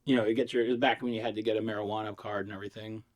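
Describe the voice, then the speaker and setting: A man who is high, telling stories in a loose, rambling vlog monologue, swearing and giggling as he goes. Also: flat delivery, racing. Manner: profane storytelling with acted quotes. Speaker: vlogger reviewing vapes.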